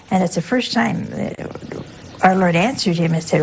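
A woman's voice: fairly low pitch, lively intonation, moderate pace, vocal fry, a little hiss or hum, low-quality recording. An older woman, a nun, giving a folksy sermon full of rhetorical questions and asides to her listeners. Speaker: nun preaching a talk.

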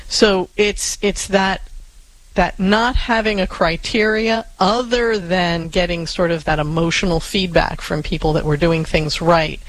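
Middle-aged female co-host, practical and steady, conversational advice. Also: fairly low pitch, measured pace, no room sound, poor audio. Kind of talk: casual advice talk.

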